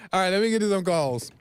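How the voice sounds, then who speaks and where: A man's voice: sits high, clear, resonant tone, dry recording. A man hosting a live call-in faith talk show, preachy and encouraging, repeating his key phrases. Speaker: host.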